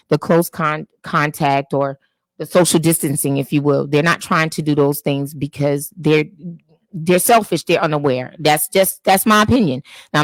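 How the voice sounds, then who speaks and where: On a Facebook live stream from her home setup, a woman podcast host opens her show with a casual monologue, earnest and preachy, appealing directly to church people. Her voice is low, with no room sound.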